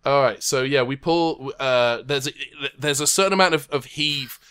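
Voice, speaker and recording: A man's voice: mid-range voice, fairly bright tone, clean tone. A man narrating and ruling as game master of a tabletop game, rambling and hesitant, recorded remotely from home. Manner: rambling, hesitant, quick to laugh. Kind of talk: running a tabletop game over a call.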